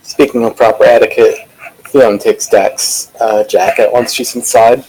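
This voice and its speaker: Slow, measured man playing a tabletop character. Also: medium pitch, steady tone, a little mellow, slightly rough, soft background music, low-quality recording. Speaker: player.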